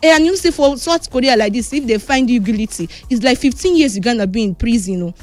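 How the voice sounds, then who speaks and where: A woman with a Nigerian Pidgin accent presenting a chatty sports news roundup, moving between excited and somber tones. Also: fairly high pitch, fairly quick, no room sound. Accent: Nigerian Pidgin English.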